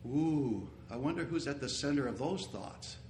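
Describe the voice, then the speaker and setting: A man preaching a sermon as pastor, earnest, repeating key phrases and sometimes rising to loud exclamations. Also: medium pitch, lively intonation, moderate pace, a little hiss or hum.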